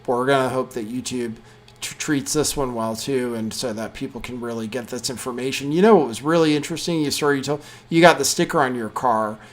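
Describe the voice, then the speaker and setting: A man's voice: medium pitch, fairly quick. A man hosting an interview, giving brief acknowledgements and asking probing follow-up questions. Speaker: podcast host.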